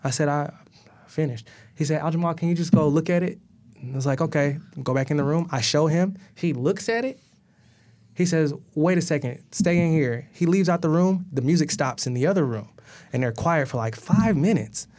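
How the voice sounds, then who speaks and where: A man in his thirties, a guest, telling a long story in a casual and animated way, laughing often, swearing, and acting out what others said. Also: fairly high pitch, a little fast. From Atlanta, US.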